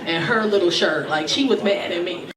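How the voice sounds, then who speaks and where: A woman's voice: on the low side, moderate pace, echoey room, recorded from a distance, over a noisy crowd, heavy background noise. A woman in her thirties doing profane stand-up storytelling, acting out voices in her stories on a club stage. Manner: animated, profane, acts out voices in quotes. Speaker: stand-up comedian. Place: comedy club stage with live audience. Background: audience laughter.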